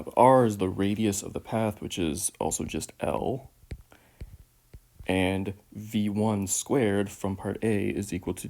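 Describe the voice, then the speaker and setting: Male teacher, low gravelly voice, methodical lesson walkthrough. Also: darkish tone. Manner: methodical, explanatory, frequent "uh" and "all right". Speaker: physics teacher.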